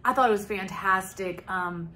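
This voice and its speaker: A woman's voice: mid-range voice, normal speed, pushed and bright. A woman co-hosting a casual travel vlog, enthusiastic as she praises the food and gives recommendations. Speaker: vlog co-host.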